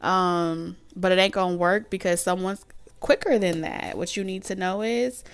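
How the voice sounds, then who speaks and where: Smooth-voiced woman reading tarot live. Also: fairly low pitch, moderate pace. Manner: chatty, greets viewers by name, relaxed slang. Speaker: tarot reader hosting a live stream. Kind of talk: casual live-stream chat and tarot reading.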